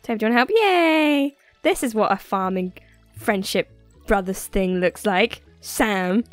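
A young woman hosting a casual let's play with her brothers, giggly and playful, her voice a little hoarse. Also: mid-range voice, measured pace, dry recording, faint music behind. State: voice going hoarse. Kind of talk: casual gaming chat.

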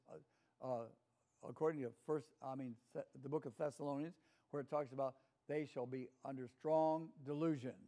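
An older Southern American man with a fairly high, mellow voice leads a folksy Bible lesson in a church class. As a chatty Sunday school teacher, he often asks the room for an amen.

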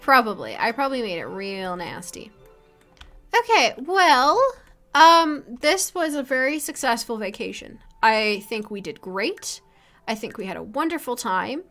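A woman with a high, bright, lively voice calls out a let's play as she goes. Her commentary is loose and profane, and she talks straight back to the characters on screen. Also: a little slow, faint music behind. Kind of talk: gameplay commentary.

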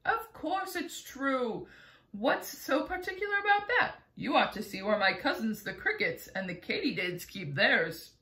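A woman reads aloud as a wise old grasshopper who plays the violin, talking with gentle pride and a lecturing air. The voice sits bright and lively with a roomy echo around it. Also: fairly high pitch, measured pace, heavily acted.

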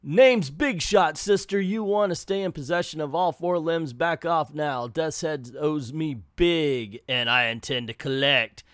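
A man voicing a frothing, vengeful male alien bounty hunter who shouts slow threats. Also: on the high side, clear, resonant tone, no echo, studio quality. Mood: menacing.

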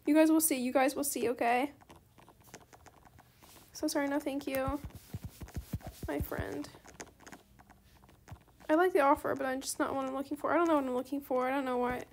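Woman, casual game commentary host, high voice with gravelly fry, chatty with excited squeals. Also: moderate pace, long pauses, slight background noise. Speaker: gaming channel host.

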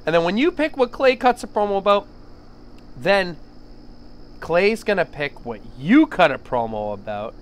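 Excitable man hosting, hammy promo energy, lively swooping pitch. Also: normal speed, slight background noise. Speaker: podcast host. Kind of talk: casual podcast banter.

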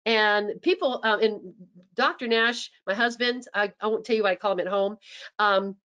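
A woman giving a webinar presentation as a dental practice consultant, chatty and animated, acting out sample phone scripts. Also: mid-range voice, moderate pace, dull audio. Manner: chatty, with frequent restarts.

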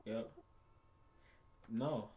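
A man's voice: mid-range voice, big pitch swings, extremely slow, gravelly, warm tone, a little hiss or hum. A young man commenting on a game in a crude, rambling way, swearing often, repeating himself and laughing at his own jokes. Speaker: gaming YouTuber. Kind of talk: casual commentary reacting to a game.

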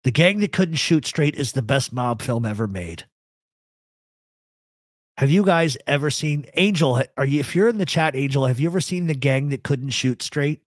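A man with an animated, mid-range voice speaks at a moderate pace in a dry, studio-quality recording. Hosting a live talk show styled as radio chat, he gives blunt, rambling opinions while answering viewers in the chat.

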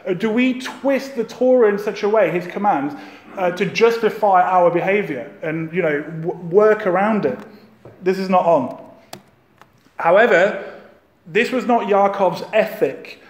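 Earnest high-voiced man preaching. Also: roomy sound. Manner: earnest, conversational preaching with frequent restarts; reads scripture aloud with rising emphasis. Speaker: teacher of a fellowship. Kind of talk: sermon on the weekly Torah portion.

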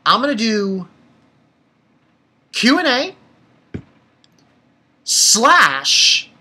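A young adult anime reviewer giving a casual episode recap, rambling and excitable and swearing freely. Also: medium pitch, extremely slow, breathy edge.

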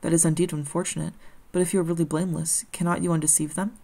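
A woman voicing a kindly, blind old man in exile who speaks in a calm, consoling, formal way. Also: lowish voice, fast talker, gravelly.

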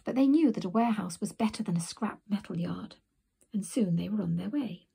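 A woman narrating a children's storybook in a soft, often whispered reading voice. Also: medium pitch, expressive, a little fast, gravelly, slightly rough.

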